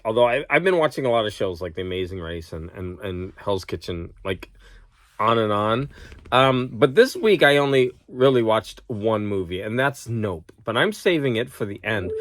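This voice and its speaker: A man's voice: medium pitch, a bit bright, dry recording. Guy vlogging at home w a cold, rambly, laughs a lot, bouncy voice, dry close sound. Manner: rambling, laughs often, talks to his dog. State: has a cold. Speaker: vlogger and teacher. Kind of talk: casual chat to camera. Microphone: camera close-up.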